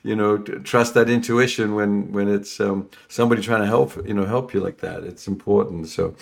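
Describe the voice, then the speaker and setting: A middle-aged man from London with a London accent, chatting as a podcast guest, warm and rambling with many restarts. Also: lowish voice, fairly even intonation, moderate pace, vocal fry. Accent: London English. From England. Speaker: podcast guest, new home sales trainer. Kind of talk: casual interview chat.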